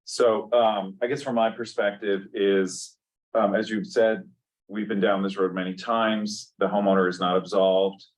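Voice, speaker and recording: A man chairing a public appeals board meeting, speaking in a measured way with many pauses. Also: on the low side, level tone, far from the mic, low-quality recording.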